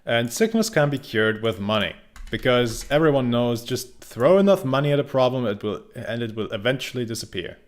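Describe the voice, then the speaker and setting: A man's voice: mid-range voice, animated, fairly quick. A young man casually commenting on his gameplay, rambling and joking, with frequent restarts. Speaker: game streamer.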